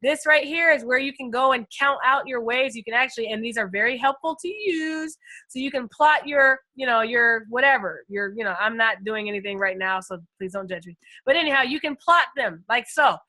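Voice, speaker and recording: Woman, trading instructor, high voice, chatty, excitable, live screen lesson. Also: brisk. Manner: excitable, bursts loud then drops quiet, chatty asides; addresses viewers as guys and first timers.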